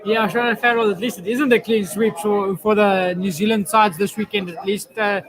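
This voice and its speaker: A man with a noticeably high voice calls a rugby match for his live stream audience. He is chatty and self-mocking, and he laughs easily as he reads viewer chat. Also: fairly even intonation, normal speed, crowd noise, rough recording. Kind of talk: casual live commentary reading viewer chat.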